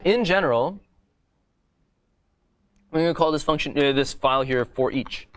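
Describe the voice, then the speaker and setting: A man's voice: on the high side, normal speed. A man teaching a coding bootcamp lecture in a classroom, explaining step by step in a casual way and often asking "right?".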